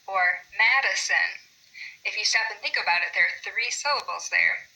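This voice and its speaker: A woman teaching a class about meter in poetry. She explains patiently and says the example names slowly, stressing their syllables. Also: medium pitch, vocal fry, bright, forceful tone, low-quality recording.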